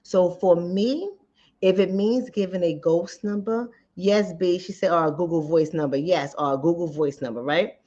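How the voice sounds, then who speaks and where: A woman hosting a channel, telling a personal story in animated, direct talk to ladies and fellas. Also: lowish voice, normal speed. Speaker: relationship coach and channel host. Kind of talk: casual talk-to-camera commentary. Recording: dull lo-fi sound.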